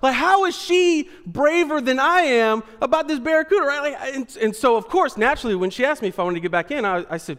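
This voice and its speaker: High-voiced man telling a lively story. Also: fairly quick, few pauses. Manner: animated, swinging from hushed to loud and laughing. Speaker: storyteller speaking to an audience. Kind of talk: comic personal story told live. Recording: long hall reverb.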